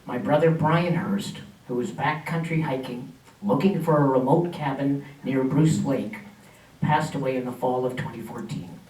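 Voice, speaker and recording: A man's voice: mid-range voice, normal speed, a little mellow. A man giving a community talk with slides, telling family history in a chatty way with hesitations and small laughs. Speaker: guest speaker. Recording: echoey room mic from a distance.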